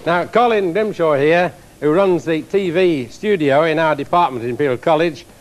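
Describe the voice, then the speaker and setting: A man, an engineering professor, giving a televised science lecture to a live audience in a lecture theatre, explaining with lively demonstrations. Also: on the high side, moderate pace, a faint crowd, slight background noise.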